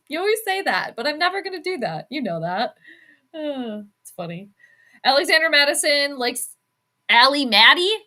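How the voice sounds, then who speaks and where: A woman's voice: mid-range voice, sharp tone. A woman hosting a casual livestream, chatting and giggling as she reacts to viewer comments, with many fillers. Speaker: livestream host. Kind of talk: casual livestream chat on sports and astrology.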